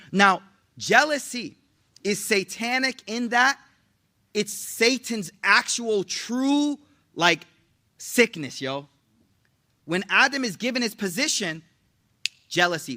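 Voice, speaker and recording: Casting: man, high-pitched and very bright, relaxed preacher who mixes slang with Arabic quotes. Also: slow pace, pauses often. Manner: informal, slangy and joking, quotes Arabic then paraphrases. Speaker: Islamic teacher. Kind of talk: casual religious talk.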